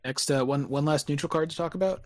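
A man's voice: a little high, fast talker. A man co-hosting a casual card-game discussion, thinking aloud with many restarts and hedges. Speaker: podcast co-host.

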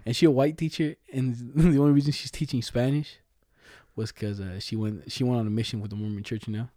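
A man co-hosting a laid-back podcast, talking in slang and acting out people in his stories. His voice is mellow and dark, close to the mic in a dry, dead room. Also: medium pitch, fairly even intonation, fairly quick, no room sound. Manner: slangy, storytelling with laughs and acted-out quotes. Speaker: podcast co-host. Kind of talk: casual podcast chat.

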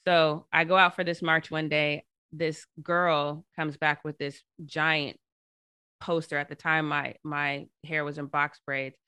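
A woman with a bright, forceful low voice tells her story in a casual interview. She is animated and acts out the people she quotes. The sound is dry and close. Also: measured pace, clear, resonant tone, dry recording. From Colorado. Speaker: journalist guest.

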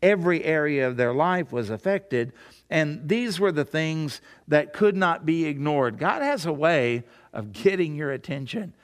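Male pastor, sermon, slightly high voice, conversational, asks rhetorical questions, long hall reverb. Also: lively intonation, a little slow.

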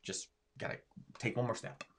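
A man's voice: normal speed, a bit bright, slight background noise. A man talking as a pastor in a podcast discussion, preaching with emphatic swings in his voice. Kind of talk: sermon-style podcast discussion.

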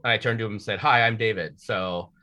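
A man's voice: lowish voice, fairly quick, sharp tone. A man in his thirties hosting a casual sports podcast, rambling through match recaps with frequent restarts and swearing. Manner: rambling, profane, self-correcting. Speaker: podcast host.

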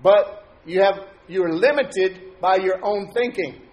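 A man's voice: high-pitched, unhurried, darkish tone, highs cut off. A man preaching a sermon as pastor, talking to his congregation in a conversational way and asking them questions.

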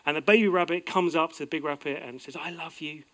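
A middle-aged man delivers a sermon in an earnest, heartfelt way. His voice sits somewhat high for a man, and he moves between bright, emphatic lines and quiet, low-voiced reflection. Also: quick pace. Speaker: pastor.

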